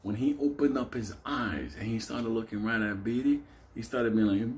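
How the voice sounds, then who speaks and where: A man's voice: mid-range voice, moderate pace. A man telling a comic, profane story, laughing often and acting out the voices. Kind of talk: casual comedic storytelling.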